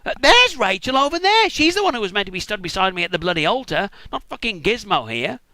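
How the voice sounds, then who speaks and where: A man's voice: fairly high pitch, huge pitch swings, normal speed, bright, forceful tone, no echo, heavily acted. A British man voicing a young biblical trickster who swears and blusters in a comic retelling. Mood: outraged. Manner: crude, swearing, exasperated bluster. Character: scheming young male biblical trickster, crude and indignant.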